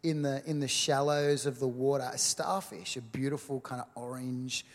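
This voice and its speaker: Chatty preacher in a reverberant hall. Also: male voice, mid-range voice, steady tone, moderate pace. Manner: conversational, filler-heavy, checks in with "right?". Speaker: pastor and worship leader. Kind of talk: sermon.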